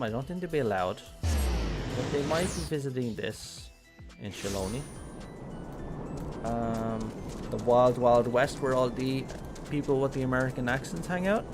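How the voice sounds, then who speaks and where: An Irish man casually commenting on a game during a live stream, chatty and rambling, often pausing with ums. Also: mid-range voice, very animated, music in the background. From Ireland. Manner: chatty, rambling, thinking aloud with many ums.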